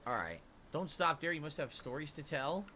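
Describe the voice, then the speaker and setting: A man's voice: on the high side, big pitch swings, moderate pace, sharp tone, slight background noise. A man streaming a video game, musing to himself and asking questions aloud as he plays. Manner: musing, talks to himself while playing. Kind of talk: let's-play commentary.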